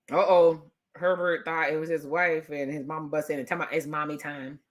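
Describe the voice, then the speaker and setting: A woman vlogger giving a casual, sassy recap rant with animated delivery and laughing asides. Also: deep voice.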